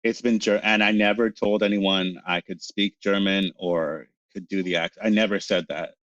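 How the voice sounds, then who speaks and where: A man from Canada, a narrator guest in an interview, talking in an animated, excitable way and laughing often. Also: low-pitched, moderate pace, dry recording, muffled recording. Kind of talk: casual interview chat.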